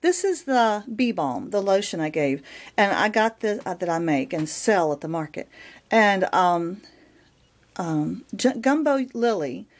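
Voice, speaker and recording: A woman's voice: medium pitch, very animated, measured pace. A woman with a Southern accent chatting casually at home about crafts, often restarting and correcting herself. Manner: chatty, self-correcting, homey. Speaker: craft vlogger. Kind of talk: casual show-and-tell chat. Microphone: camera mic.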